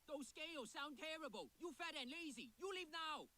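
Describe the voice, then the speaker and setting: An actor playing a strict, harsh violin teacher who scolds in clipped, broken English. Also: male voice, very high-pitched, moderate pace, over loud music. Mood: scolding.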